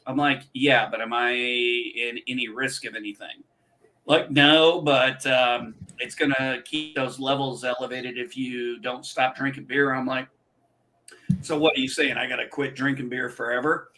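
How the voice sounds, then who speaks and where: A man's voice: medium pitch, steady tone, measured pace, bright, forceful tone. A man hosting a casual chat, telling rambling stories and swearing freely. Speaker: podcast host.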